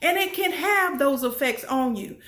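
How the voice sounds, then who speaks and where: Brief: woman speaker, motivational talk, emphatic and folksy, fairly high voice, roomy echo. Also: lively intonation, normal speed, fairly bright tone. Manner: emphatic and repetitive, folksy, asks the audience questions.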